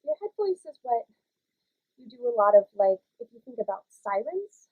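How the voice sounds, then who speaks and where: A woman's voice: on the high side, big pitch swings, normal speed, breathy edge, dry recording. Young woman, kids' theater teacher, chatty, lots of fillers, dry tinny phone-like sound. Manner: chatty, many fillers, demonstrates voices. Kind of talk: casual warm-up lesson for young kids.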